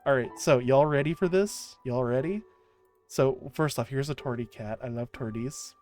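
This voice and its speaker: A woman streamer chatting casually on a livestream, gushing and excitable, often restarting her sentences. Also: extremely low pitch, normal speed, faint music behind.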